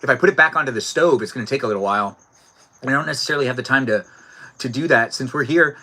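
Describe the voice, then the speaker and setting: A man hosts a live stream from outdoors, reading out viewer comments and teasing them by name. His voice is bright and forceful, with a loose, playful manner, and crickets chirp faintly behind him. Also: medium pitch, racing. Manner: playful, jokey, talks to chat by name, barks and giggles on request. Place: outdoors, cold evening.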